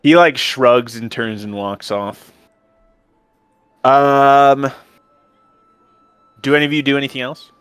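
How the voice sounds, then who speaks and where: A man's voice: medium pitch, fairly even intonation, slow, long pauses, fairly bright tone, smooth, no echo, faint music behind. A man running a tabletop game as game master, narrating in a casual, rambling way full of fillers.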